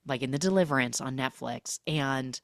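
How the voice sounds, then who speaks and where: A woman's voice: extremely low pitch, normal speed, creaky, no echo, studio quality. Chatty sarcastic woman podcast host. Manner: chatty, sarcastic, heavy use of "like". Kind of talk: casual film recap.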